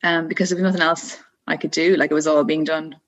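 A woman in her thirties talks through a personal story in a loose, conversational way. Her voice sits a little low for a woman. She fills her phrases with "like" and "you know" and laughs easily between them. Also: quick pace, rough recording. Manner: relaxed, chatty, frequent "like" and "you know", laughs often. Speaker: guest telling her birth story. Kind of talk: casual storytelling interview.

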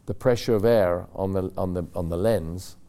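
A man telling rambling, animated racing stories in a casual chat, acting out what others said. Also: sits low, normal speed. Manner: rambling, animated storytelling with acted-out quotes. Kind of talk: casual anecdote.

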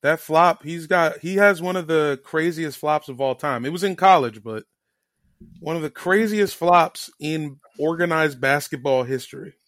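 A man co-hosting a casual podcast chat, animated and excitable, swearing casually. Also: fairly high pitch, normal speed, no room sound, clean studio sound. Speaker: podcast co-host.

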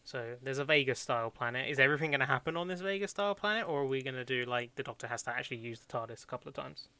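A man co-hosting a podcast in casual chat, quick and animated, laughing often. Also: medium pitch, dry recording. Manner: fast, laughing, animated storytelling. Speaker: podcast co-host.

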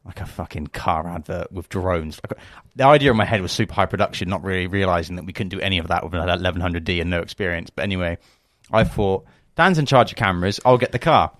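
A young British man co-hosting a podcast, teasing his friend with quick questions in casual chat. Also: sits low, a bit bright, no room sound, studio quality. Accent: British English. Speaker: podcast co-host.

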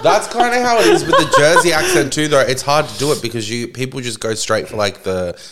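A man's voice: medium pitch, expressive, fairly quick, a loud crowd. A man with an Australian accent, co-hosting a casual podcast, blunt and opinionated with plenty of swearing. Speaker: podcast co-host. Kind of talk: casual banter.

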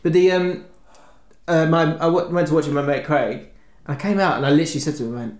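A man's voice: a little high, quick pace. Rambling man telling a story. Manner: rambling animated storytelling, acts out shouts. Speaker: podcast co-host. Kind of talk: casual chat. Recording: echoey room with faint noise.

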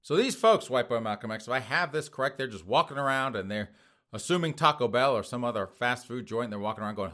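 Bright-voiced man mocking the news. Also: mid-range voice, animated, quick pace. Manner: mocking, sarcastic, chuckles often; addresses listeners as folks. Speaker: commentary show host. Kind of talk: casual news commentary.

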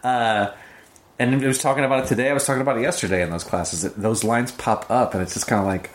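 A man who teaches improv, talking casually in an interview and acting out quoted lines. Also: fast. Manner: animated storytelling, acts out quoted lines in a high voice.

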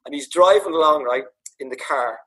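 A man's voice: fairly high pitch, fairly quick, husky, poor audio. A man from Ireland with a Dublin accent, telling funny stories about his dad in a casual chat. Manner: animated, laughing, swearing. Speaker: podcast guest, author. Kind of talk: casual storytelling.

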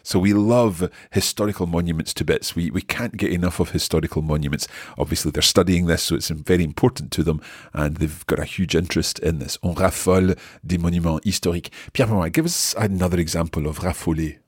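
A man co-hosting a casual language lesson podcast, explaining phrases slowly and repeating them. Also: low voice, fairly even intonation, husky, dry recording, clean studio sound. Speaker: language teacher co-host.

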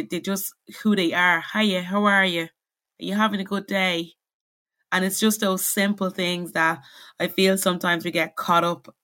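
A woman's voice: on the low side, fairly bright tone. A young woman, raised in the Caribbean, speaking candidly and reflectively as an interview guest. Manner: candid and reflective, many restarts. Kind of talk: conversational interview.

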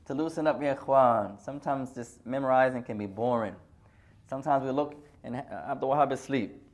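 A man's voice: mid-range voice, brisk, a little hiss or hum. A middle-aged man teaching a hadith class, joking and teasing his students and mixing Arabic phrases into his English.

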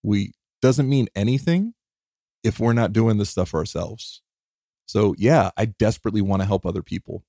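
A heartfelt man speaks on his own podcast in a fairly low voice. He sounds emotional and close to tears, stumbling over restarts and breaking into small laughs. The recording is dry, with no room sound. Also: normal speed, dark tone, no echo. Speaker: podcast host. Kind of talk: reflective solo podcast monologue.

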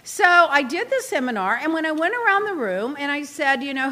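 A woman in a casual chat, telling a story in an animated, indignant way with quick asides. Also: sits high. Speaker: guest recounting reality show events.

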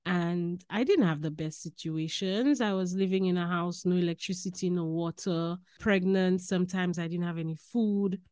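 A woman with a Saint Lucian accent tells stories as a podcast guest, animated and quick to laugh. Her voice sits on the lower side, and it is recorded dry and close with no room sound. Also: smooth, dry recording. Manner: animated, laughing, lapses into Caribbean phrasing. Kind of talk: casual storytelling chat.

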